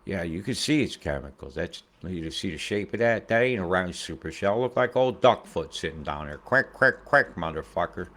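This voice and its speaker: A man's voice: low voice, expressive, normal speed, few pauses. A man giving casual weather commentary over satellite images, rambling, profane and conspiratorial.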